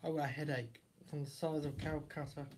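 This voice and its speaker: A man's voice: on the high side, fairly even intonation, brisk, darkish tone, slight background noise. A man chatting casually on a live stream, teasing and bantering with his kid. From Essex, England.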